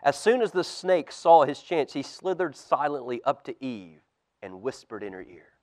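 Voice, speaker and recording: A man, a pastor, reading a storybook aloud to children in church with expressive, animated storytelling. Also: mid-range voice, moderate pace. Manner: expressive storytelling, lively swings in loudness.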